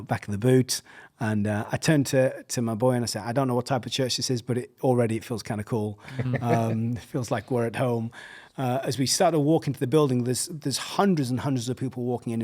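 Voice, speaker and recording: A middle-aged English man telling a story casually, animated, laughing often and acting out the voices he quotes. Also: medium pitch. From England. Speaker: podcast guest, pastor.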